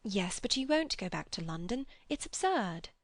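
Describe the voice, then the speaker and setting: A woman's voice: mid-range voice, big pitch swings, normal speed, no echo, studio quality. A woman reading an audiobook, voicing an anxious, proper young lady who speaks in a raised, pleading way.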